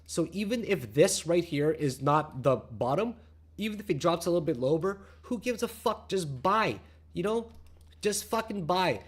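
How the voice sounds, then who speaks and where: A brash man with a slightly raised voice hosts a crypto trading show. He talks crudely and bluntly, mocking panicked viewers with loud jeers, then settles into a calmer tone to walk through the charts. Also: normal speed, breathy edge. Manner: calmer, lower explanatory tone while reading charts. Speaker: crypto trading channel host. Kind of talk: profane, excitable market commentary.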